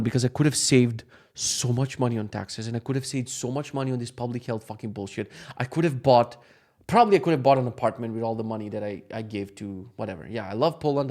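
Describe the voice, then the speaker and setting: A man, ranting in a casual vlog, profane, animated and self-mocking. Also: medium pitch. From North Macedonia. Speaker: vlogger.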